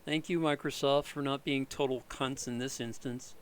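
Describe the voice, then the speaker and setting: A man's voice: fairly even intonation, normal speed, slight background noise. A man ranting in frustration while fixing his computer, sarcastic and swearing freely. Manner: exasperated, sarcastic, swears freely, mocks others in shrill voices. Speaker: vlogger doing computer repair. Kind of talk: frustrated ranting commentary over screen recording.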